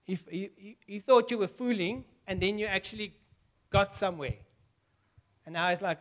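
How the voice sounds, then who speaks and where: A man preaching a sermon, acting out lively back-and-forth dialogue with God and laughing often. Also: sits high, moderate pace. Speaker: pastor.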